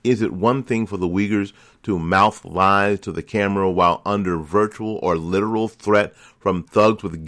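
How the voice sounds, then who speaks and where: Deep-voiced impassioned male commentator. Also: no room sound, studio quality. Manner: impassioned, repetitive rhetorical questions. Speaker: political commentary host. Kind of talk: opinion monologue.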